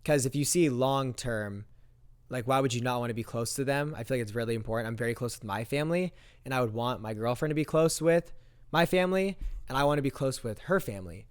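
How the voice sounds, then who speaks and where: A young man vlogging, telling a story in a casual, animated way and acting out the lines he quotes. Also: medium pitch, fast talker, smooth. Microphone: handheld mic.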